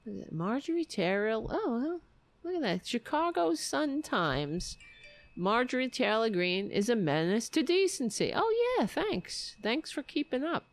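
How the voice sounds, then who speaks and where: A woman hosting a political podcast, sneering and swearing freely as she rambles through her commentary. Her voice sits fairly high and leaps up and down, yet she takes her time. The sound is close and dry, with no room echo. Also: very animated, a little slow. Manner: sarcastic, profane, mocking; rambling with self-corrections.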